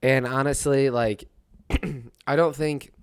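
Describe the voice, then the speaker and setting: A man's voice: medium pitch, fairly even intonation, slow, smooth, no room sound, clean studio sound. A young adult man hosting a casual sports talk monologue, rambling and rueful, laughing at his own misery. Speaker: podcast host.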